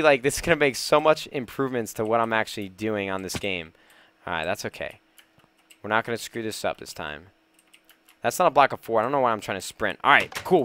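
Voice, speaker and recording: Gamer dude hyping himself up, nervous n excited, dry close mic, mid voice. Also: male voice, medium pitch, smooth, no room sound. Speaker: gaming YouTuber. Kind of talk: let's play commentary.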